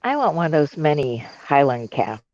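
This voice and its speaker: Man, joking co-host, higher pitch, lo-fi dry sound. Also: very animated, normal speed, darkish tone, no echo. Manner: joking, chiming in briefly. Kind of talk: casual chat.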